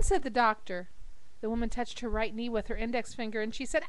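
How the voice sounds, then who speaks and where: A woman reading jokes aloud to a webcam at home in a lively storytelling voice, jumping up high for the silly characters. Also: brisk, no room sound, rough recording. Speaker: joke teller. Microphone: webcam microphone.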